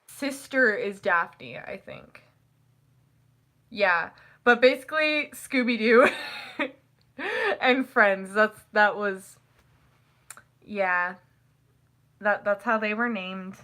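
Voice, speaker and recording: Young woman vlogger, bright voice, rambling and giggly, breaks into high squeaky quotes. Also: extremely slow, pauses often. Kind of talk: casual chat.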